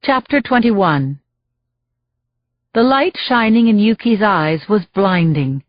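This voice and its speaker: A woman reading a thriller audiobook in measured, scripted narration. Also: medium pitch, expressive, dry recording, highs cut off.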